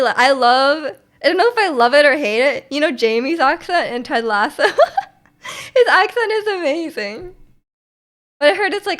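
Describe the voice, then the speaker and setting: A woman's voice: high voice, fairly bright tone. A young woman streamer chatting casually with her viewers, rambling with lots of "like"s and restarts and laughing often. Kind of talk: casual chat reading chat messages.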